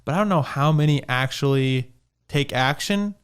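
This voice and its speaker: A man's voice: mid-range voice, normal speed, smooth. A man hosting a podcast, chatting casually and poking fun at himself while asking questions. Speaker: podcast host. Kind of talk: casual interview chat.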